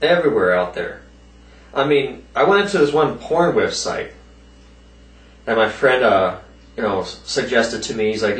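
A man of middling pitch talks loosely to his viewers, rambling from one thing to the next and swearing often. His voice sounds a bit distant from the mic, and the room around him gives it a noticeable echo. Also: expressive, moderate pace, pauses often. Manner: rambling, swears a lot, voices quoted people in a higher pitch. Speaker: vlogger. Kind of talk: casual profane rant to viewers.

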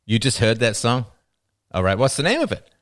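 A man's voice: medium pitch, big pitch swings, a little fast. A middle-aged man hosting a livestream, reading viewer comments aloud and answering them with dry, wry jokes. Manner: dry joking, wry asides. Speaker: livestream host.

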